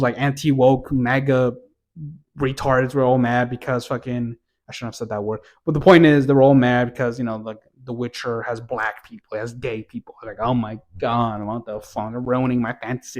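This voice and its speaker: A man giving a casual, profane, rambling rant while reviewing TV shows. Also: medium pitch. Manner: profane, exasperated, rambling with restarts.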